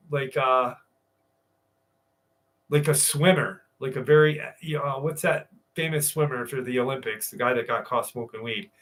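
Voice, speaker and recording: An American man tells a personal story in a loose, casual way. He swears freely, circles back with fillers and restarts, and sits at an ordinary middle pitch. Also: fairly bright tone. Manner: profane, rambling, many fillers and restarts. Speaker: guest telling a personal encounter story.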